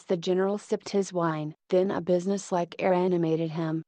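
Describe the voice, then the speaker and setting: A woman reading a story aloud in a measured, even manner. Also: fairly low pitch, dry recording. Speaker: narrator.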